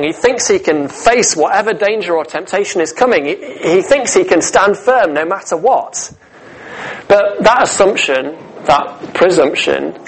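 Man, preaching, earnest and emphatic, fairly high pitched. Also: breathy edge, poor audio. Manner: earnest, emphatic, with pauses on key words. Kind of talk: sermon.

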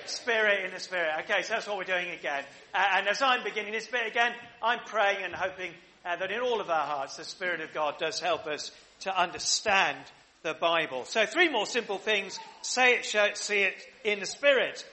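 A man's voice: high-pitched, moderate pace, bright, forceful tone. A man preaching a sermon at a church service, leading the congregation in prayer and call-and-response questions. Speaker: pastor.

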